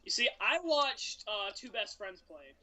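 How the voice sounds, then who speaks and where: A man's voice: sits high, very animated, a little slow, pushed and bright. A man co-hosting a casual podcast, rambling and joking about himself while talking games. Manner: rambling, self-deprecating joking. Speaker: podcast co-host, game commentator.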